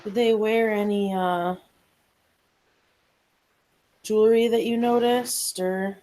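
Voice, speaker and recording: A woman's voice: medium pitch, fairly even intonation, takes it slowly, warm tone, poor audio. A woman asking questions and reporting findings in a tabletop game, hesitant and full of fillers. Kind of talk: casual tabletop game play.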